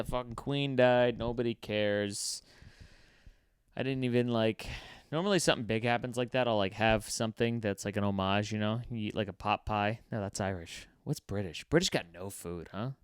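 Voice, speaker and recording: Guy rambling on his podcast, swears a lot, smooth voice, dry sound. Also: on the low side, expressive, moderate pace, no room sound. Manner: rambling, profane, offhand. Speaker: podcast host. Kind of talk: casual comedic monologue.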